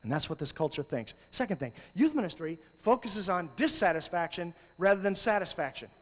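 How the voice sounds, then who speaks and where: High-voiced, animated preacher in a hall. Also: male voice, a little fast. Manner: animated, swings between loud exclamations and low asides. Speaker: youth ministry speaker. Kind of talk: sermon.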